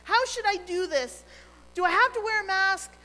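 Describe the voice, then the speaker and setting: A middle-aged woman preaching a sermon as pastor, earnest and gentle, dropping to a near hush on key phrases. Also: extremely high pitch, moderate pace, in a large hall, low-quality recording.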